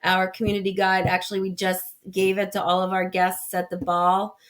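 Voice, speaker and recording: A woman, a podcast guest who runs a community foundation, talks earnestly and in detail. She backtracks often and fills pauses with ums. Her voice sits at an ordinary middle pitch for a woman. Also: completely flat delivery. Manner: earnest, explains in detail with many fillers and restarts. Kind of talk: casual interview conversation.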